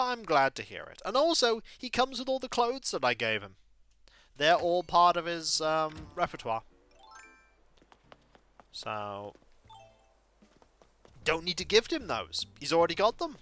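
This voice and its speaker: A man chats his way through a cozy life-sim game on a livestream, slipping between cheerful remarks and half-muttered asides. His voice sits a little high and bounces around with plenty of lift. The tone is bright and forward, with quiet game music playing underneath. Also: huge pitch swings, unhurried, long pauses, clear, resonant tone. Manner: chatty, muttering asides to chat. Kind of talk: casual gameplay commentary.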